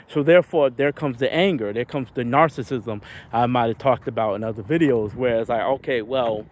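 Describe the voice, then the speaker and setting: A man talking through his feelings in a reflective personal vlog, halting and searching for words. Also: medium pitch. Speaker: vlogger.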